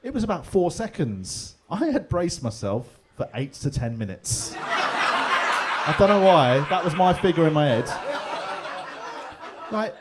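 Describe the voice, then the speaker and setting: A man's voice: on the high side, very animated, a little slow, long pauses, heavy background noise. A middle-aged man with a London accent doing a chatty, laddish stand-up set, swearing freely and laughing along with his own story. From England. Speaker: stand-up comedian. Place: pub comedy room with live audience.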